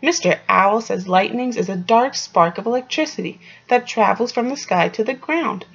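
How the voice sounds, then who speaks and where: A woman's voice: a little high, expressive, moderate pace, vocal fry, a bit bright, breathy edge, full character voice. A woman voicing a matter-of-fact, know-it-all young male beaver in a storybook read-aloud, in a dull lo-fi recording.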